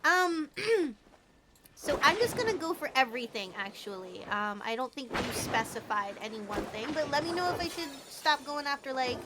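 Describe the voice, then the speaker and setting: Gushing high-voiced woman streamer. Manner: gushing, sweet, frequent soft laughs and throat clearing. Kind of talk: casual gameplay livestream chat. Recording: faint background noise.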